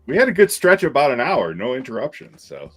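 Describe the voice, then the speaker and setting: A man hosting a podcast, relaxed and quick to laugh, with brief reactions in casual chat. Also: medium pitch, husky, soft background music. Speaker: podcast host.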